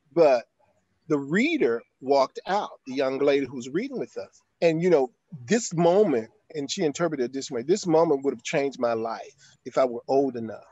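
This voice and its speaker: A man's voice: on the high side, darkish tone, no room sound, muffled recording. An older man, an actor, telling a long anecdote in an interview, acting out quotes and using frequent fillers. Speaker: actor guest. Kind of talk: storytelling in an interview.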